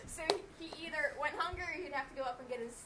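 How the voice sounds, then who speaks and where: High-voiced woman chatting over noise. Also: racing. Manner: agreeable listener with frequent affirmations, blunt anecdotes. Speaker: exotic dancer. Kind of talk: casual chat. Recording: noticeable background noise.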